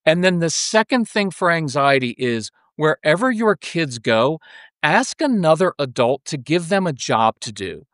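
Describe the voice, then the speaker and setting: A middle-aged man talking as a podcast guest about parenting, animated and acting out little scenes of parent and child. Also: a little high, unhurried, no echo, studio quality. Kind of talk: casual interview conversation.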